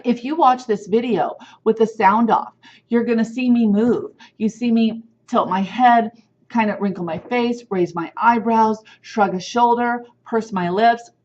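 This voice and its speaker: A woman's voice: fairly high pitch, unhurried, darkish tone, muffled recording. A woman sign language instructor giving a recorded lecture on grading criteria, explaining in a direct, firm teacherly way.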